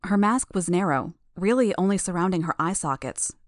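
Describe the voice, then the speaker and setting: A woman narrating a fan audiobook in a steady, measured first-person reading. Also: on the low side, no room sound, clean studio sound.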